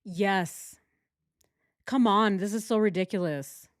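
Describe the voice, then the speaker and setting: A woman's voice: medium pitch, slow, no echo, clean studio sound. A young adult woman giving sarcastic, exasperated true crime commentary while reading text messages aloud.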